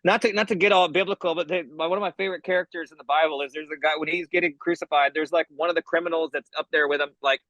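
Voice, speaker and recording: A man's voice: on the high side, steady tone, rapid-fire, few pauses, a bit bright, no room sound, lo-fi sound. A man co-hosting a podcast in casual comedic chat, rambling with jokey asides and many restarts. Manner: rambling, jokey, lots of restarts and acted quotes. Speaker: podcast co-host.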